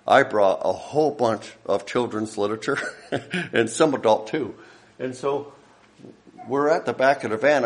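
A man with a fairly low voice gives a casual slideshow talk about his mission work. He rambles from story to story, restarting his sentences and chuckling along the way. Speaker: missionary giving a ministry update.

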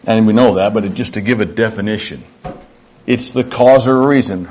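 A man's voice: on the low side, normal speed, darkish tone, slightly rough. A middle-aged man preaching a sermon in an earnest, conversational way, acting out little dialogues. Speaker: pastor.

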